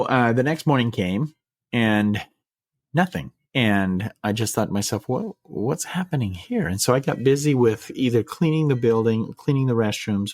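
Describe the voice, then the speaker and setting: A man's voice: on the low side, no room sound, clean studio sound. A middle-aged man on a podcast, telling a personal story in a casual, earnest way and often restarting his sentences. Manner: earnest, halting, with frequent restarts.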